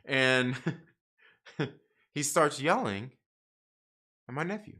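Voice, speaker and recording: A man's voice: mid-range voice, expressive, extremely slow, sharp tone. A man hosting a live stream, telling a rambling, profane story with lots of restarts and laughter. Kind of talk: casual storytelling monologue.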